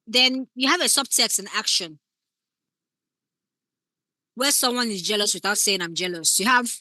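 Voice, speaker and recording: A woman's voice: mid-range voice, moderate pace, bright, forceful tone, dry recording. A woman teaching scriptwriting in a casual lecture, acting out short example lines as she explains. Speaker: scriptwriting instructor.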